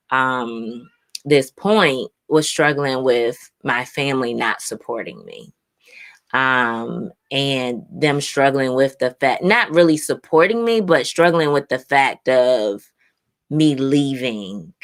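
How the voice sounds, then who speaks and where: Slow-talking woman, emotional reflection. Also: extremely low pitch, fairly bright tone. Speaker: pastor's wife and co-host. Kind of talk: reflective conversational chat.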